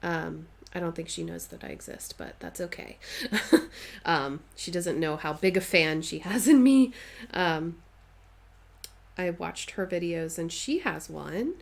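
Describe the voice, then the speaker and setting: A woman's voice: fairly low pitch, unhurried, gravelly. A woman chatting casually on a live stream while she stitches, answering viewers' comments and playfully dramatizing her stories.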